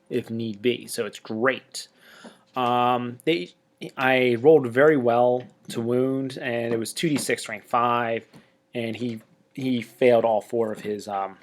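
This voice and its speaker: Chatty man recapping a tabletop battle. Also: medium pitch. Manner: chatty, excitable, jokey asides. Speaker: tabletop wargame player. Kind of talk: casual battle report narration.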